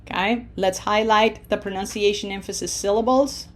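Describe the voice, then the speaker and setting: A woman's voice: medium pitch, fairly even intonation, normal speed. A woman teaching a Spanish lesson from slides, drilling verb forms aloud with long, stretched vowels. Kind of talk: slide-based language lesson.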